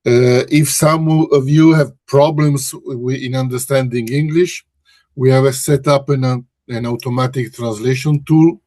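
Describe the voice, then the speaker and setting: The dry recording captures a man with a medium-pitched, slightly mellow voice, fairly even intonation and a measured pace. He is a research director hosting a webinar in a Brussels office, and he speaks hesitantly, often restarting and correcting himself.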